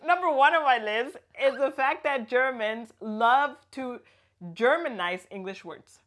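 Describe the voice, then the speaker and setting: Casual co-host: woman, talkative, playful with foreign words, slightly high voice. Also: a little slow, a bit bright. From Guatemala. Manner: chatty, laughs often, tries out German words. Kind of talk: casual chat.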